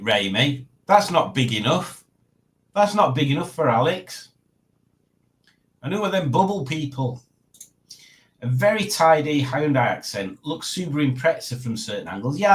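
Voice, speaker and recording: A man's voice: medium pitch, poor audio. A man talks casually on a live stream. He reads viewer comments aloud and chuckles often between remarks. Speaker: livestream host.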